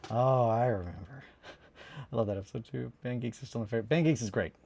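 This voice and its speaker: A man's voice: mid-range voice, brisk, gravelly, a little hiss or hum. A man chatting casually on a livestream while doing a hobby, rambling and answering chat. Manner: rambling, animated, breaks into quoted cartoon lines. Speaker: streamer.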